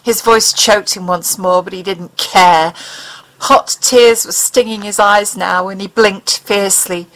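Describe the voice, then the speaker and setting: A woman reading a dramatic fiction audiobook, expressive and leaning into tense moments. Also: medium pitch, normal speed, rough recording. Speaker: audiobook narrator.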